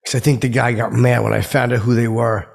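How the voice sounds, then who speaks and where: Touchy middle-aged blowhard, played by a man; husky, gravelly delivery, rambling and self-serious, medium pitch. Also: little pitch movement, a little fast. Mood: indignant. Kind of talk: comic character monologue.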